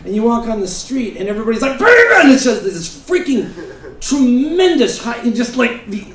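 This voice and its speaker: A man doing a stand-up comedy set, telling a rambling story with shouted character bits, from the of America. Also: very high-pitched, expressive, normal speed. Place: comedy stage before a laughing audience. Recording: roomy live venue, mic heard from a distance.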